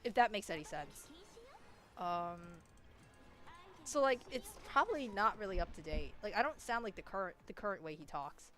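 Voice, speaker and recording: A woman's voice: mid-range voice, lively intonation, normal speed, a bit bright. A young woman streamer with a nasal voice, chatting casually and rambling with lots of restarts while she plays a game. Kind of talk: casual chat while gaming.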